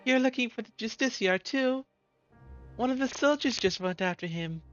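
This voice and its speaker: A man's voice: very high-pitched, expressive, normal speed, a bit bright, faint music behind, voice pushed up. A man voicing an earnest young village boy who eagerly gives directions, with a helpful manner, over a dull lo-fi game capture.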